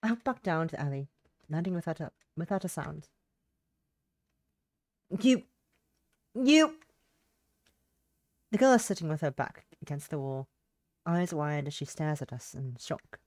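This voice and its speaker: A woman streaming a game playthrough, reading the text aloud in a lively, casual way and tripping over words. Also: deep voice, a little fast. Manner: animated, stumbles and rereads words.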